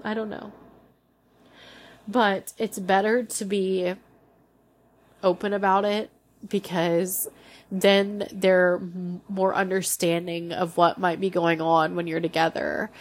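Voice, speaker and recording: A young woman hosting a personal podcast, talking candidly and emotionally, often pausing and restarting her sentences. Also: lowish voice, little pitch movement. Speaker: podcast host.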